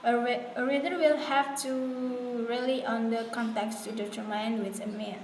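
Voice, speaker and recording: Woman, Indonesian first language, classroom presentation; slightly high voice, reads from notes with fillers and restarts; echoey room, faint noise. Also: steady tone, moderate pace, a little mellow.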